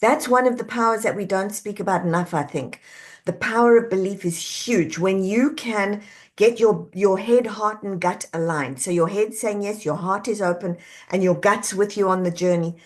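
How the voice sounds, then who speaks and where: A middle-aged woman speaks as a guest on a podcast, a coach telling her stories in an animated way. She slips into the voices of the people she quotes and laughs easily, with her pitch sitting in an ordinary middle range. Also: moderate pace. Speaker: executive coach and author, guest. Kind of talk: conversational podcast interview.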